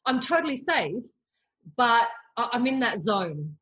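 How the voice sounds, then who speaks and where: A woman's voice: on the high side, very animated, unhurried, a bit bright, highs cut off. Chatty woman medium, candid. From Australia. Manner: candid, storytelling, acts out voices in her anecdotes. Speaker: medium, guest. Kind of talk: casual chat.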